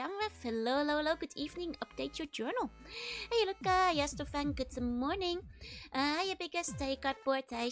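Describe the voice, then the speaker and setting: High-voiced Dutch woman, giggly stream chat. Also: a bit bright. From Netherlands. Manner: chatty, giggly, greets chat one by one. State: tickly, scratchy throat.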